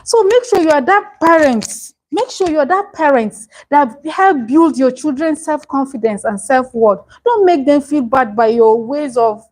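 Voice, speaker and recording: A middle-aged woman coaches parents in a masterclass, her voice sitting a little high. She talks earnestly and pleads with her listeners, repeating each key point so it sticks. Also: darkish tone, rough recording.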